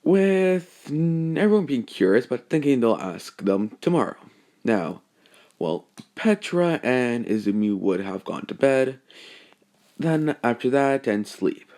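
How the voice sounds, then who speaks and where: A man's voice: mid-range voice, lively intonation, takes it slowly, a little mellow. A young man narrating a fan story off the cuff, rambling with many fillers and self-corrections.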